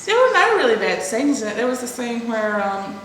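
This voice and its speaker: A woman's voice: fairly high pitch, sing-song, brisk, a bit bright. A woman in her thirties co-hosting an advice chat, talking casually and self-deprecatingly and laughing often. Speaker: co-host answering viewer questions. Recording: echoey room with faint hiss.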